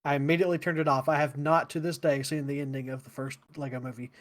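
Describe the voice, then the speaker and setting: A man's voice: a little high, flat delivery, fast talker, slight background noise. A man co-hosting a casual podcast, dry and blunt in his remarks. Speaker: podcast co-host.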